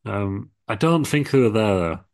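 A man's voice: lowish voice, lively intonation, normal speed, creaky, darkish tone. A man co-hosting a podcast, chatting casually and joking at his own expense. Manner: self-deprecating, laughs easily. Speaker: podcast co-host. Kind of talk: casual chat.

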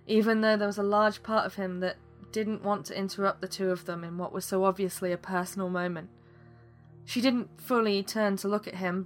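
A woman's voice: medium pitch, a bit bright. A woman reading a fantasy story aloud, voicing every character in her own voice. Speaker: narrator.

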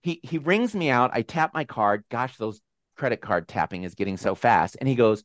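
A man hosting a video call with supporters, telling a personal story in a casual, animated, self-deprecating way. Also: mid-range voice, moderate pace, dry recording, clean studio sound. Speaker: host. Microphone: video call mic.

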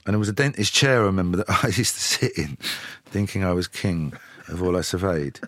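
A man with a low, dry voice, chatting easily as he tells stories about his band's early days. He slips in laughs here and there, in a close, dead-sounding interview recording. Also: brisk, fairly bright tone, no room sound. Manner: chatty, laughs while telling anecdotes. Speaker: guest, singer. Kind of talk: storytelling interview.

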